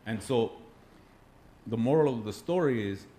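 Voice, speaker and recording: A man's voice: mid-range voice, expressive, moderate pace, warm tone, close to an everyday voice. A man putting on a laid-back, slangy stoner homie who drawls through a rambling tall tale. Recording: roomy echo, faint background.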